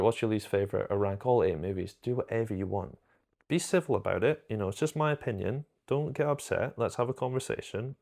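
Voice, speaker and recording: A man with a low, gravelly voice talks casually to his viewers. He rambles with enthusiasm, stops to correct himself and loses his thread now and then. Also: darkish tone. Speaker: film reviewer. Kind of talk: casual chat to camera.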